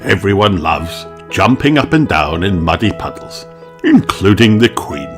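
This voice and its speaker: A reader narrating a children's picture book aloud, with a lively and expressive storytelling manner. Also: sits low, measured pace, over music.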